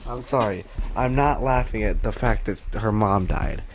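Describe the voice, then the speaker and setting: A man's voice: lowish voice, moderate pace, background noise. A man streaming live reaction commentary in a casual, chatty, apologetic way.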